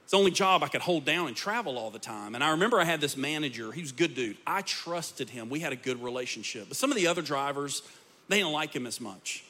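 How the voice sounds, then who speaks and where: A pastor delivers a sermon to his congregation in a high, bright, ringing voice. He's expressive and talks fast, building each point with rising intensity.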